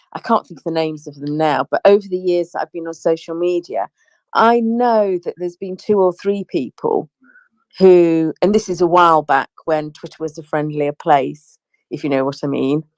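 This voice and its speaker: A woman co-hosting a casual online group chat, talking in a chatty, animated way with lots of asides. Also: on the low side, moderate pace, no echo. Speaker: co-host. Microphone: remote audio chat.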